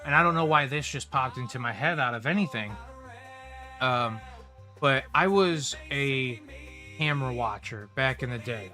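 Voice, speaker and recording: Man, stream host, casual rambling chat, profane storytelling, bright forceful voice, faint music behind. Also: medium pitch. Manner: rambling, profane, animated retelling of customer stories. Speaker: livestream host.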